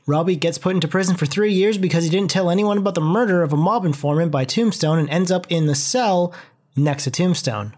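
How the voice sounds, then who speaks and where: A man co-hosting a podcast, briskly reading comic book summaries. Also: a little high, darkish tone. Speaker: podcast co-host.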